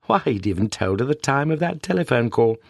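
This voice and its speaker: A man with a British accent reading a detective story as an audiobook narrator in a steady storytelling manner. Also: medium pitch, brisk, vocal fry, dry recording, studio quality. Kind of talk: scripted narration.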